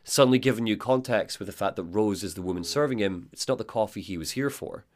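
A man's voice: lowish voice, fast. A man hosting a casual podcast, recapping video game lore and reading out quotes in different voices. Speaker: podcast host.

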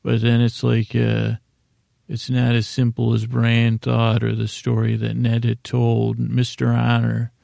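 A man with a very gravelly, dark voice drifts through a rambling episode recap meant to lull listeners to sleep. He speaks in a flat, even tone, halting often and paraphrasing scenes loosely. The sound is close and dry. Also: mid-range voice, no room sound. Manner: meandering, halting, loosely paraphrases dialogue in a casual retelling. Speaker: sleep podcast host.

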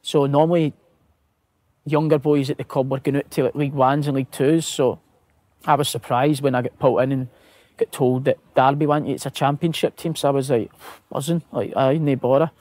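A man's voice: mid-range voice, fairly even intonation, brisk, a little mellow, no room sound. A Scottish man, a footballer guest, telling anecdotes with laughter, swearing and acted-out quotes. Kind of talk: casual storytelling.

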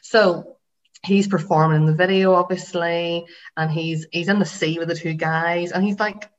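A woman's voice: lowish voice, steady tone, moderate pace, dull audio. A woman co-hosting a podcast in casual chat, rambling with lots of fillers and the odd swear word. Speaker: podcast co-host.

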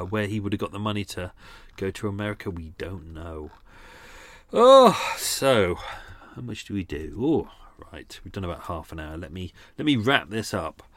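Male podcast host, lowish voice, dry close sound, loose and rambling delivery. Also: dry recording. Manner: rambling, hesitant, lots of fillers and restarts. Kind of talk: casual storytelling and quiz.

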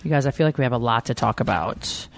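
A woman's voice: rumbling low, expressive, fast, no echo. A woman in her forties hosting a podcast, chatting casually and telling family stories in an emotional, gushing way. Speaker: podcast host. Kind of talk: casual chat.

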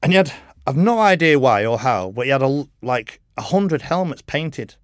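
Rambling, laughing racer telling stories. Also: male voice, medium pitch, very animated, moderate pace, dry recording, clean studio sound. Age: middle-aged. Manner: rambling storyteller, swears casually, laughs often. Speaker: podcast guest, motorcycle racer. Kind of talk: casual interview chat.

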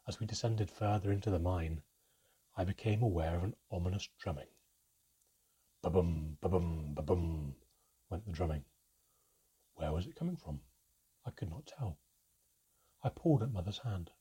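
A man narrates a fantasy storybook in first person, reading at a steady, measured pace. His voice is low and very husky and breathy, and his tone is dark and mellow. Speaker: audiobook narrator.

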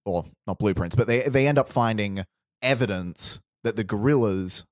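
Man, low voice, dry close sound, rambling storyteller among friends. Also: moderate pace, dry recording. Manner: rambling, restarts, quotes characters in low voice. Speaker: storyteller pitching a movie plot. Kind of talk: casual chat.

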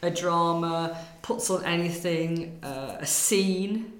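A woman co-hosting a casual podcast chat, animated and prone to trailing off. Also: on the low side, takes it slowly. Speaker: podcast co-host. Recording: roomy room sound.

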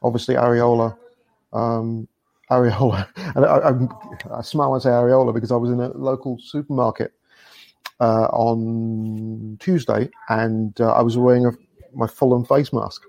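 Man, gravelly husky voice, dry close recording, chatty football talk, laughs easily. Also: medium pitch, fairly even intonation, normal speed, darkish tone, no echo, dull audio. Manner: chatty, laughs often, restarts sentences. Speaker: football podcast guest. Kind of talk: casual chat.

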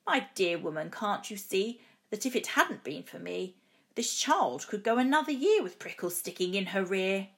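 A woman voicing a gleeful, greedy male dentist in a read-aloud poem, with loud, cheerful exclamations. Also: medium pitch, very animated, moderate pace.

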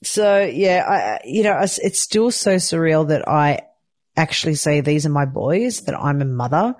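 A woman's voice: sits low, animated, normal speed, a little mellow, dry recording, studio quality. A sleep-deprived new mother talking candidly in a casual weekly chat, swearing lightly and laughing often. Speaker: weekly vlogger, new mother of twin boys.

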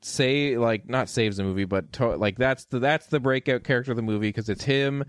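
A man casually reviewing a film with a friend, animated, laughing often and swearing. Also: mid-range voice, fairly quick, no room sound, clean studio sound. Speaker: podcast co-host. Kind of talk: casual movie review chat.

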